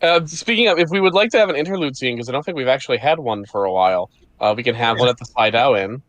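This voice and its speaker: A man's voice: medium pitch, expressive, fast, a bit bright, no room sound. A man running a tabletop game as game master, explaining rules in an easygoing way.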